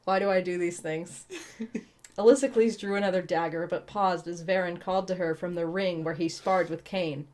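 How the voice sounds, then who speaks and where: A woman's voice: fairly low pitch, fairly even intonation, moderate pace, a little mellow. A woman co-hosting a comedic book read-along, reading aloud with profane, laughing asides.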